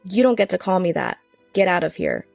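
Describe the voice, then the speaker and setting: A man's voice: sits high, big pitch swings, brisk, gravelly, no echo, soft background music, full character voice. Unforgiving father, curt and cold, voiced by the narrator. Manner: curt, dismissive. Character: stern unforgiving father, older man.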